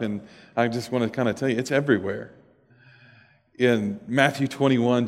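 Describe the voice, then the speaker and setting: A man preaching a sermon as a pastor, telling the story in a lively way and acting out the voices of the people in it. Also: medium pitch, big-room sound. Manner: animated storytelling, acts out voices.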